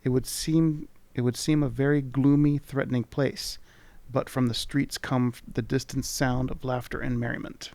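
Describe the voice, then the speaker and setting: A man's voice: mid-range voice, little pitch movement, normal speed, creaky, hardly any pauses, darkish tone, no room sound. A man hosting a let's play, casually reading game text aloud with commentary, often stopping to restart words.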